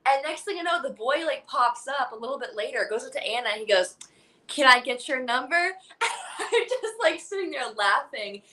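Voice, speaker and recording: A young woman telling a story in casual chat, animated and laughing, acting out other people's lines. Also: high-pitched, a little fast, few pauses. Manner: animated, laughing, acts out quotes. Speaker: guest.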